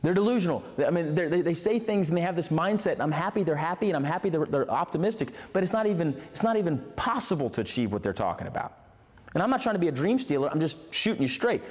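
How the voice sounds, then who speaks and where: A man hosting a motivational talk, animated and emphatic, repeating key words for stress. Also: fairly high pitch, fast talker. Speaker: motivational host. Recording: long hall reverb.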